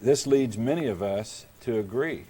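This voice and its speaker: A middle-aged man from Kansas, a mayor, delivering a prepared public lecture in a measured, deliberate storytelling manner. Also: medium pitch, lively intonation, dark tone, husky.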